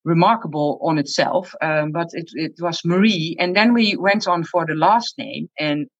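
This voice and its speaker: A Dutch woman, a spirit medium, telling stories in a lively, casual way and often laughing. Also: lowish voice, normal speed, no room sound, muffled recording. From Netherlands. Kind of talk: casual storytelling interview.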